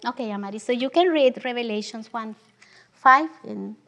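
A woman with a Spanish accent, Spanish being her first language, preaching to a small church with a warm, self-deprecating manner. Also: a little high, moderate pace. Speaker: guest preacher. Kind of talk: sermon.

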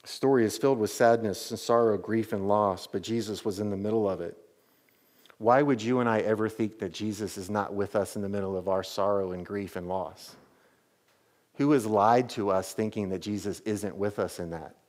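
A man's voice: on the low side, steady tone, moderate pace, a little mellow. A man preaching a sermon to his church as pastor, telling the story animatedly with many casual "like"s.

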